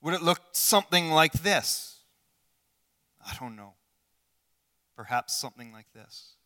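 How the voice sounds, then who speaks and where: A man preaching a sermon in an earnest way, asking the listeners questions and swinging between loud passages and hushed ones. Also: on the high side, lively intonation, unhurried. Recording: long hall reverb.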